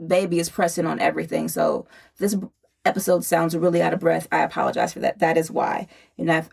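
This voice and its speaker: A woman's voice: lowish voice, vocal fry. A woman in her thirties, a podcast host, telling her own story in a candid, conversational way while out of breath. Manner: candid, conversational, laughing now and then. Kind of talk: personal storytelling.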